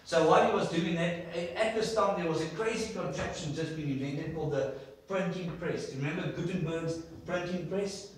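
A man's voice: on the high side, brisk, a little hiss or hum. A man preaching a sermon in a church, telling stories and asking the congregation questions. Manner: storytelling, asks the congregation questions. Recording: echoey church hall from far off.

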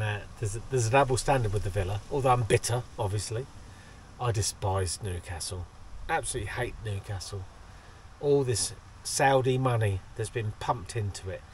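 Chatty man, lively pitch. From England. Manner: chatty, grumbling, laughs often. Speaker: vlog host. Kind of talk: casual vlog chat. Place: car and shopping centre. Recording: noisy car and street background.

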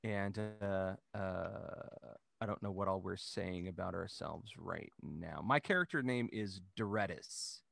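A man's voice: sits low, slow, gravelly, fairly bright tone, dry recording, clean studio sound. A man introducing himself as a player on a tabletop game stream, hesitant and playful. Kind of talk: casual stream chat.

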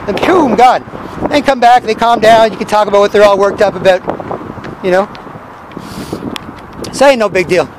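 High-pitched fast-talking man. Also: fairly even intonation, background noise. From Canada. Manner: rambling, profane, repetitive. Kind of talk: street vlog rant. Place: outdoors in a city square.

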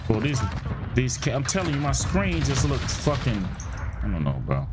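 A man's voice: mid-range voice, wildly swooping pitch, moderate pace, loud music behind the voice. A man streaming a shooter game, chatting casually and griping with a lot of swearing. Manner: profane, exasperated griping. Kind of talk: casual gameplay commentary. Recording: loud gunfire from the game behind.

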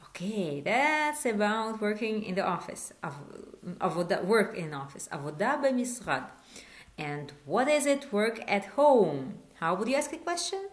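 A woman teaching a Hebrew lesson in English, patient, repeating words slowly and asking questions. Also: mid-range voice. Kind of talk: online language lesson.

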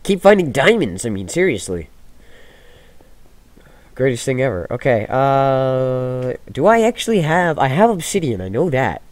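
A man giving casual commentary over his own game, jumping from loud excited shouts to low mumbled asides. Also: measured pace, no echo. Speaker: gaming video host. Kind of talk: casual let's-play commentary. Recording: noisy home gaming recording.

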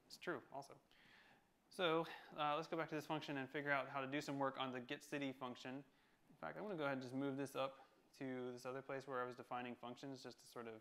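A man's voice: mid-range voice, a bit bright. A man teaching coding in a casual screencast tutorial, thinking aloud with many fillers and self-corrections. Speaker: coding instructor.

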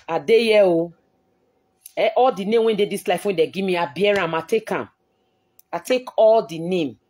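A woman's voice: fairly low pitch, normal speed, a little mellow. A woman with a Nigerian Pidgin English accent talking on a live stream, aggrieved and defensive as she replies to viewers. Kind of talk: emotional live-stream talk.

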